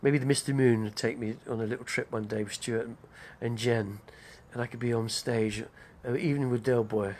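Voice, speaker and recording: A man's voice: medium pitch, steady tone, normal speed, hardly any pauses, darkish tone, a little hiss or hum. An older man, rambling casually on a live stream, chatty and digressive. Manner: chatty, digressive, name-dropping.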